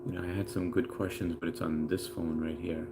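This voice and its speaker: Low-voiced laid-back man live-streaming. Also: little pitch movement, fairly quick, noisy background. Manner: laid-back, chatty, hesitant with many fillers. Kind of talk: casual live stream chat, reading viewer comments.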